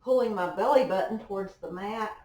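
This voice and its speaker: A woman's voice: mid-range voice, fairly quick, warm tone. A young woman leading a home workout class, giving encouraging cues while exercising along. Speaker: fitness instructor. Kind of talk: guided home workout instruction. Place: indoor room at home. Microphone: distant camera mic. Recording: echoey room, far from mic.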